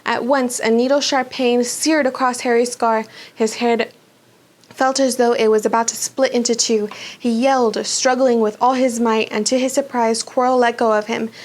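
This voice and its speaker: A woman reading a children's fantasy book aloud for a book club, with an expressive, dramatic delivery. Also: fairly high pitch, moderate pace. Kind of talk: storybook read-aloud.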